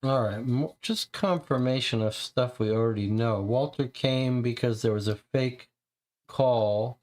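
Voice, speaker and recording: A man casually thinking aloud, in a hesitant, halting way, while playing a mystery game. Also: mid-range voice, a little mellow. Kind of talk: casual let's-play commentary.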